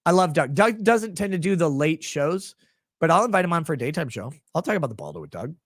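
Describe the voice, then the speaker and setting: A man's voice: a little high, sing-song, fast, no room sound, clean studio sound. A young man from Minnesota hosting a livestream, rambling and crude as he jokes and reads out viewer messages. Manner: rambling, crude and joking, with frequent fillers. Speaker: livestream host. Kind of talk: casual livestream chat reading super chats.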